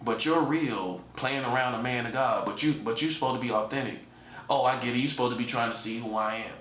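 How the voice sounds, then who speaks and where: This self-styled prophet streamer, a man in his forties, keeps repeating "listen, buddy" in a defiant, taunting monologue, chuckling as he goes. His mid-range voice is fairly bright and quick-paced, recorded with roomy echo and faint room noise.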